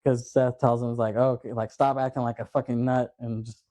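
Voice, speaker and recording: A man's voice: mid-range voice, flat delivery, a little fast, warm tone, no room sound. A man hosting a podcast, casually retelling movie scenes and acting out the lines with frequent laughs. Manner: retells scenes in quoted voices, laughs often. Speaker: podcast host. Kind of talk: casual chat recapping a film.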